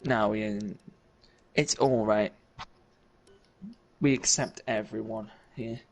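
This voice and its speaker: A man's voice: on the low side, fairly even intonation, slow pace, creaky, darkish tone, rough recording. A young man casually chatting on a live stream while playing a racing game, rambling and answering viewers in chat. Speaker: racing league streamer and commentator.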